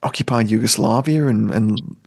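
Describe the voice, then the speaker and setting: A man's voice: mid-range voice, normal speed, vocal fry, darkish tone. A man co-hosting a podcast in casual chat, hesitant and repeating his words. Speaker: podcast co-host.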